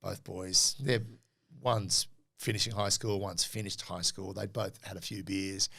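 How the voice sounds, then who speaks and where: A man in his forties with an Australian accent tells stories in a relaxed interview, slipping into the voices of the people he quotes. His voice sits low with a gravelly, fry-edged rasp. He talks in a lively way, leaning hard into the punchlines. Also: unhurried. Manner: animated storyteller, acts out quotes. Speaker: podcast co-host, interview guest. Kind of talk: casual interview storytelling.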